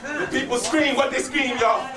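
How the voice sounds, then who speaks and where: A male storyteller with a very high-pitched voice performs a folk tale live, building rhythm and calling out for his audience to answer. The sound is roomy and echoing, caught from a distance. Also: steady tone, moderate pace, over a noisy crowd. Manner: dramatic, rhythmic call-and-response with listeners. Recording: echoey room, voice from far off.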